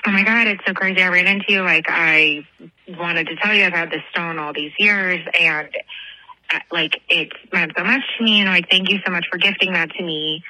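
A young woman rambles through a long personal story on a phone voicemail, sitting outdoors at night. She keeps apologizing and giggling. Her voice is a little low but very bright and sharp, and the sound is dry and close. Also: brisk, dry recording, poor audio. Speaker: caller leaving a voicemail.

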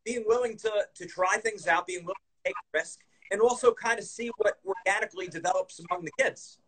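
A man's voice: high-pitched, a little fast, a bit bright, breathy edge, rough recording. A man hosting a casual interview, eagerly reflecting the guest's points back and stressing their value. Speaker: podcast host.

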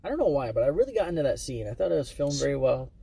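A man's voice: mid-range voice, very animated, very fast, creaky, warm tone, husky. A man co-hosting a podcast, chatting casually about movies and acting out scenes with silly voices. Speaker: podcast co-host. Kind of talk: casual movie review chat.

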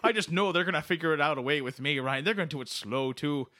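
A man's voice: fairly high pitch, fast talker, bright, forceful tone, dry recording, clean studio sound. A man playing a goofy, overfriendly guy, rambling and stammering through comic banter. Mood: mock ominous. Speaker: podcast co-host.

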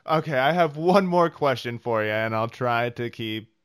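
A man's voice: medium pitch, animated, moderate pace, clear, resonant tone, dry recording, studio quality. A man hosting a podcast, asking questions in an easygoing, jokey way. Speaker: podcast host. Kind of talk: casual interview chat.

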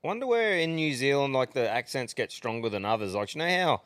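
A man's voice: medium pitch, very animated, fairly quick, fairly bright tone, smooth, no echo. A man from Central Queensland with a broad Australian accent, co-hosting a casual podcast, blokey and sweary, often laughing. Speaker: podcast co-host.

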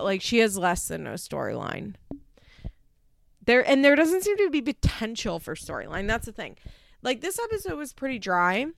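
A woman recaps a reality show in a casual monologue, blunt and candid, swearing plenty and saying "like" a lot. Her voice is mid-range with vocal fry.

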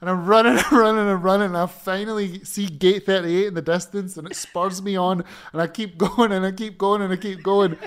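A man telling a story in casual chat, animated, swearing freely and laughing as he talks. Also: high-pitched, fairly quick, few pauses.

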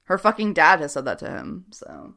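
A woman chatting casually as a co-host, recapping a TV episode with lively retellings and some swearing. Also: low voice, moderate pace, creaky. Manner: animated retelling with acted quotes and laughs; frequent swearing. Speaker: podcast co-host.

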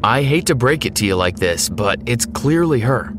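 A man's voice: medium pitch, lively intonation, moderate pace, background noise, close to an everyday voice. A man playing a blunt male friend. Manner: blunt, matter-of-fact.

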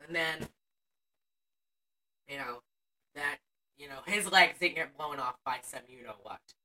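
A woman's voice: sits low, unhurried, bright, forceful tone, far from the mic. A woman co-hosting a podcast, recapping a movie in casual chat with a profane, sarcastic storytelling manner. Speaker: podcast co-host.

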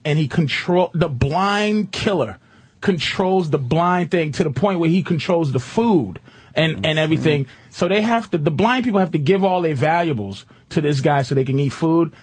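A man's voice: fairly high pitch, normal speed, husky. A man co-hosting a podcast, retelling a movie plot in casual, profane, rambling chat. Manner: rambling animated storytelling, heavy swearing. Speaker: podcast co-host.

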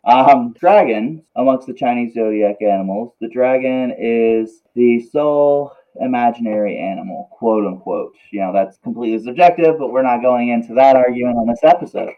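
A man co-hosting a casual podcast, reading zodiac traits aloud with playful jokes and asides. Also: medium pitch. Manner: joking, reads lists with playful asides. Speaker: podcast co-host. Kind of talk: casual chat. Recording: phone-like lo-fi audio.

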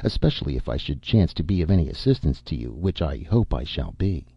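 A man voicing the calm, meddling ghost of an elderly uncle, measured and mildly patronizing, in an audiobook reading. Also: very deep voice, vocal fry, slightly rough, no echo, highs cut off, exaggerated voice. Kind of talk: audiobook narration.

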